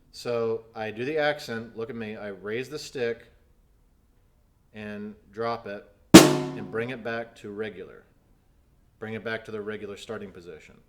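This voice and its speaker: A man teaching snare drum in a video lesson, explaining technique patiently and counting aloud as he demonstrates. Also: lowish voice.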